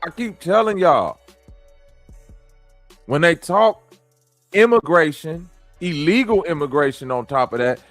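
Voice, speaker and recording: A man's voice: a little high, animated, measured pace, long pauses, a bit bright, dry recording, faint music behind. A man from the American Midwest hosting a stream, reacting to clips and talking to his chat in blunt, profane slang. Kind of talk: casual commentary with chat.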